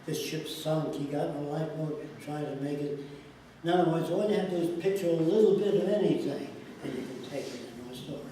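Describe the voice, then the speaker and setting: A man's voice: a little high, fast talker, mellow, slight background noise. A man explaining ideas through anecdotes, acting out the voices of the people in his stories. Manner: storytelling, acts out quoted dialogue. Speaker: interviewee. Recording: echoey room, distant mic, faint ambience.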